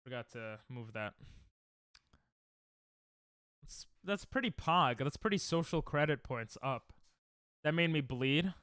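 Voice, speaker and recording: Young man, game streamer, lively pitch, dry close headset sound. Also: slow pace, pauses often, smooth, dry recording. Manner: excitable, reacting aloud and bantering with chat. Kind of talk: casual live-stream chatter while gaming.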